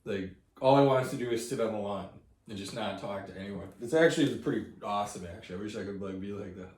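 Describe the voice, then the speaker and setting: A man's voice: on the low side, fast, a little mellow. A man co-hosting a comedy podcast, rambling through crude stories in casual chat and laughing often. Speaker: podcast co-host. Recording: echoey room, distant mic.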